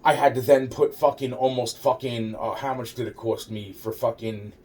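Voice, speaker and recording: A man's voice: medium pitch, flat delivery, normal speed, a little mellow. Profane rambling man, far from mic. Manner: profane, rambling, full of restarts. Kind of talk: rambling personal story. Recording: voice distant from the mic.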